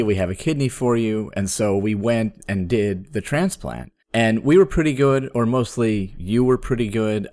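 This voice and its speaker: A man in his thirties, a podcast host, telling a personal story in casual chat, with sudden jumps up in pitch when he quotes himself. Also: darkish tone. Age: 30s.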